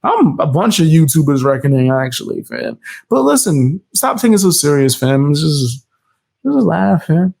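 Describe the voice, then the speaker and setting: A man's voice: on the high side, big pitch swings, moderate pace, creaky, darkish tone, breathy edge. A man hosting a reaction commentary, defiant and mocking, with casual slang and frequent laughs. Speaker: commentary channel host.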